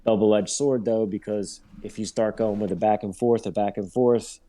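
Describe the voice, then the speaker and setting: A man co-hosting a casual sports podcast, ranting in a profane, rambling, animated way. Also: lowish voice, moderate pace. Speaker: podcast co-host.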